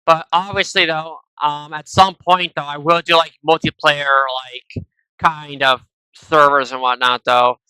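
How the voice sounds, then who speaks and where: A man's voice: on the high side, fairly even intonation, unhurried, sharp tone, clear, resonant tone, no room sound, rough recording. A man giving casual, rambling gameplay commentary into a headset, tacking "though" and "and stuff" onto nearly every phrase. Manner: chatty, rambling asides to viewers. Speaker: gaming video creator. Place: at home, recording at a PC. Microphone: gaming headset.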